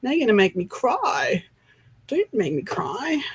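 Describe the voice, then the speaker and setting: Slow-talking, husky-voiced Australian woman. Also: on the high side, rough recording. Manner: excitable, breathless, sighing. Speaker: livestream host. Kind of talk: casual livestream chat.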